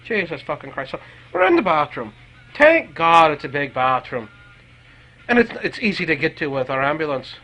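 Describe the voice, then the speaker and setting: A man's voice: fairly high pitch, normal speed, low-quality recording. A man with an Irish accent, a paramedic telling a work story as a profane, swearing rant. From Ireland. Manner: animated, swearing heavily.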